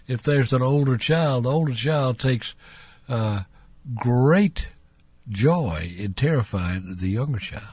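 A man's voice: mid-range voice, a little mellow, breathy edge, dry recording. A man hosting a call-in radio show, chatting casually and laughing along with callers.

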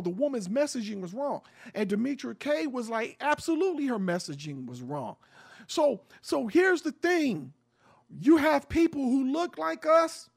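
A man's voice: extremely high pitch, gravelly. A man hosting an opinionated talk show, speaking bluntly and emphatically with frequent swearing, often restarting and repeating words as he builds his point.

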